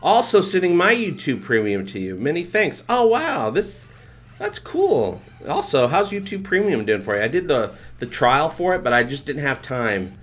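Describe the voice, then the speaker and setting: Excitable man hosting a live stream. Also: on the high side, normal speed. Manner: excitable and rambling, thanking viewers. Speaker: livestream host. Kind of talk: casual live-stream chat.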